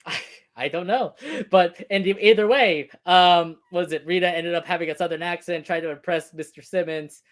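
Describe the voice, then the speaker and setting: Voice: mid-range voice, steady tone, moderate pace. A co-host of a cartoon review stream, recapping episodes in casual chat and laughing often between points.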